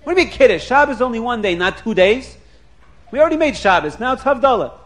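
A man voicing a stubborn older rabbi who yells and scolds indignantly about the rules. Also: very high-pitched, big pitch swings, voice pushed up, full character voice. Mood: insistent. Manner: indignant yelling, rapid scolding.

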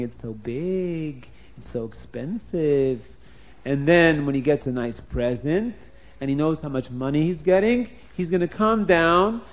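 Man, storyteller, lively and emphatic, slightly high voice, telling a story to kids. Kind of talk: animated storytelling for children.

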